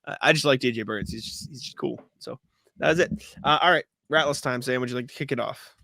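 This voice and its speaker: A young man co-hosting a casual sports podcast, telling stories in an animated way, swearing freely and laughing often. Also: mid-range voice, fast, vocal fry, no echo. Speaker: podcast co-host.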